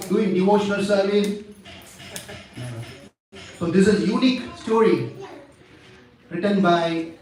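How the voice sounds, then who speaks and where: Male preacher, lively high-pitched storytelling, distant echoey hall mic. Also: a little hiss or hum. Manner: animated, dramatic retelling. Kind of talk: devotional sermon storytelling.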